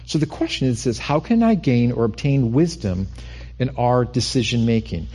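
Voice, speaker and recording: Husky-voiced preacher, chatty restarts. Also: male voice, mid-range voice, expressive, normal speed, a little mellow. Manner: conversational preaching with repeated restarts and rising emphasis. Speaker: pastor. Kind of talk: sermon.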